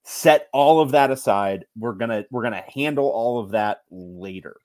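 A man hosting a sports podcast, gleeful and animated, giving blunt opinions in casual chat. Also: medium pitch, normal speed. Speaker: podcast host.

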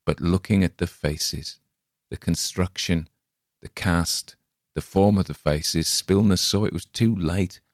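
A man narrating a dark short story in a measured, ominous reading. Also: low-pitched, fairly even intonation, dry recording, clean studio sound.

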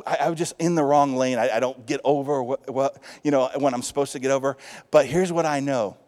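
A man with a Texas accent, a pastor preaching a lively sermon in a church, swinging from loud calls to hushed asides. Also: mid-range voice. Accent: Texan. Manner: lively preaching with big swings in loudness, asides and quick jokes. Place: church sanctuary. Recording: long hall reverb.

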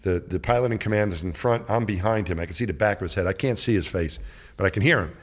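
A man's voice: low voice, fast talker. A middle-aged man, a guest on an interview show, telling a long rambling anecdote and acting out the dialogue of the people in it. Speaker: guest, former astronaut. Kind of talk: casual storytelling interview.

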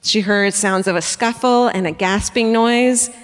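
A woman tells a true-crime story on a theatre stage, casual and profane, breaking into laughs and little acted-out voices. Her voice carries a long reverb from the hall. Her pitch sits in an ordinary middle range. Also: a little slow. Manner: casual, swearing, laughing asides, acts out quotes. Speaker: podcast co-host. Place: theatre stage before a live audience.

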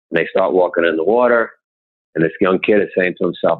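A man with a fairly low voice tells motivational stories in an interview. He gets animated and acts out the people he quotes. His voice comes through a narrow, tinny, phone-like line. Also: a little fast. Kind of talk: motivational storytelling.

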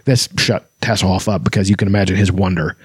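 A man's voice: low voice, fairly even intonation, quick pace, slightly rough, no room sound, studio quality. Chatty man discussing a fantasy book. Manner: chatty, enthusiastic, many fillers and restarts. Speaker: podcast host. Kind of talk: casual book discussion with read-aloud passages.

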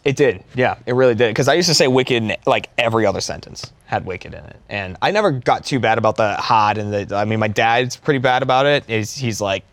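A man's voice: mid-range voice, brisk, hardly any pauses, a bit bright, no room sound. Easygoing young guy from near Boston, storytelling, cusses freely; dry close sound. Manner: laid-back, swears freely, tells stories. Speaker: guest. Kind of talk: casual chat.

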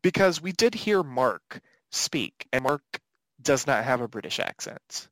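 A man's voice: medium pitch, big pitch swings, a little slow, a bit bright, dry recording, rough recording. A man co-hosting a podcast in casual chat, thinking aloud and hedging his theories. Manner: thoughtful, speculative, hedging. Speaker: podcast co-host.

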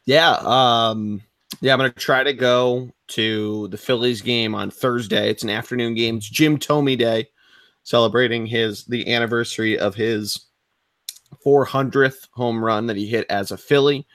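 A young man co-hosts a sports podcast in a relaxed, rambling way and swears now and then. His voice sits in an ordinary middle pitch. The recording is close and dry, with no room sound. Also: a little slow, no echo. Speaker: podcast co-host. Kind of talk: casual sports podcast chat.

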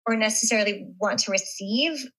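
A woman being interviewed, telling a personal story in a halting way with many fillers and restarts. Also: medium pitch, fairly bright tone, husky, low-quality recording. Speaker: interview guest. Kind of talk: casual interview chat.

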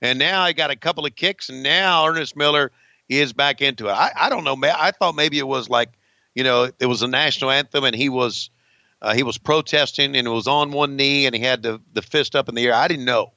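A man co-hosting a podcast, calling a wrestling match with excitable, profane play-by-play, on a dull lo-fi recording. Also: mid-range voice, fairly quick, creaky, dry recording. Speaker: co-host and wrestling commentator. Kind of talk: casual podcast match commentary.

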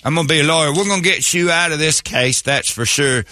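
A man's voice: fairly high pitch, fast talker, sharp tone, pitched above the performer's own voice. A radio host voicing a boastful hillbilly man who plays a doctor and then a lawyer, in a drawling, folksy, overconfident voice. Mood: cocky. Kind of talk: radio comedy bit.

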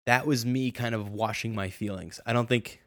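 Halting young man, dry close sound. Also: mid-range voice, no echo. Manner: halting, many fillers and restarts, swears, grows heated. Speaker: guest telling his story. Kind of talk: casual conversation.

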